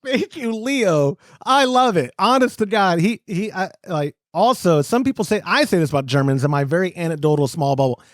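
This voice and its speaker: Animated Texan man hosting a podcast. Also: sits high, moderate pace, hardly any pauses, no echo, clean studio sound. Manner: animated, joking, self-deprecating. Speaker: podcast host. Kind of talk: casual podcast chat.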